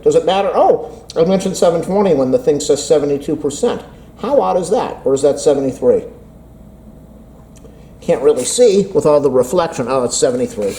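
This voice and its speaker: A man's voice: mid-range voice, mellow, a little hiss or hum, poor audio. A man vlogging about a phone update, rambling and self-deprecating as if talking to himself, recorded on a camera mic from across an indoor room. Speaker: tech vlogger. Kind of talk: rambling casual talk to camera.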